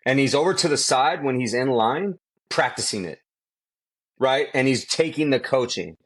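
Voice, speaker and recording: A middle-aged man with a medium-pitched voice speaks at a normal speed. He's a quarterback trainer telling stories on a laid-back podcast, animated and emphatic, repeating phrases to make them land.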